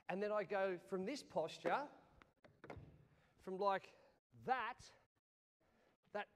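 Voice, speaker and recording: High-voiced pastor in a reverberant church. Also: male voice, slow pace, long pauses. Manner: animated, swings from loud to hushed. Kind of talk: sermon. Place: church hall.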